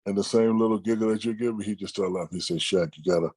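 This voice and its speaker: A middle-aged man, an interview guest, telling stories in a relaxed, conversational way and acting out the people he quotes. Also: on the low side, rapid-fire, no room sound. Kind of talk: casual storytelling.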